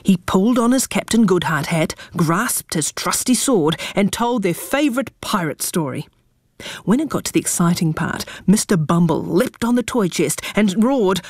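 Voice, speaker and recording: A woman reading a children's storybook aloud, lively and expressive. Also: mid-range voice, moderate pace, no room sound, studio quality.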